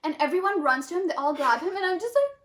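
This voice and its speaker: A woman's voice: extremely high pitch, fast talker. A young woman co-hosting a podcast, telling a childhood story in casual chat, acting out the voices and laughing as she talks. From Canada. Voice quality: animated, acts out quoted voices, laughs while telling. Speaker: podcast co-host.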